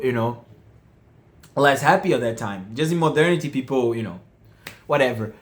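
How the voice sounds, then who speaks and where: A man giving earnest relationship advice, often checking whether the listener follows him. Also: sits high. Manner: earnest, keeps asking "you get what I mean?". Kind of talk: casual monologue to camera.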